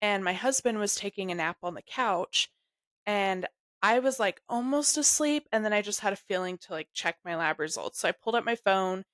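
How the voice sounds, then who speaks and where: A young adult woman telling a personal story in an interview, halting and emotional, full of "like". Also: mid-range voice, lively intonation, fairly bright tone, no echo. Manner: halting, emotional, heavy use of "like". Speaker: guest sharing her story.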